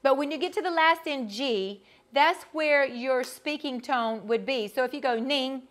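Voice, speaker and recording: A woman's voice: high-pitched, normal speed. A middle-aged woman with a Georgia accent, teaching a group as a vocal coach in a chatty, folksy way. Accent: Southern US, Georgia. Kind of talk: live teaching session.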